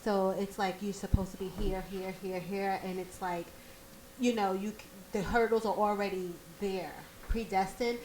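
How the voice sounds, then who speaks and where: A woman's voice: medium pitch, fairly even intonation, moderate pace, roomy sound, noisy background. A middle-aged woman co-hosting a casual radio talk show, rambling and reflective with many fillers. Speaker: radio co-host.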